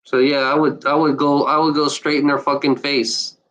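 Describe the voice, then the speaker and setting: A man's voice: a little high, level tone, normal speed, a bit bright, lo-fi sound. A man ranting bluntly and profanely in a casual video, with many restarts and filler words. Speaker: video maker. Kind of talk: casual unscripted rant.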